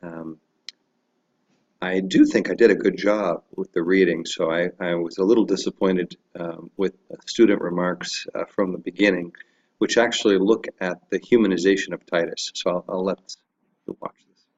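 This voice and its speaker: A man's voice: low voice, steady tone, moderate pace, darkish tone, muffled recording. A man giving reflective screencast commentary on his own teaching. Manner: reflective, self-evaluating.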